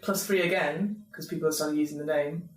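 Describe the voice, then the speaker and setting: Woman game master, vivid storyteller, low-pitched, echoey and distant recording. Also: fairly even intonation, a little fast. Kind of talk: narrating a tabletop game. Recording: roomy, from off mic.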